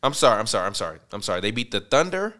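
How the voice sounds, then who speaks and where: A man's voice: fairly low pitch, very animated, racing, sharp tone. A man co-hosting a casual sports and culture chat, arguing bluntly with slang and the odd swear word. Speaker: podcast co-host.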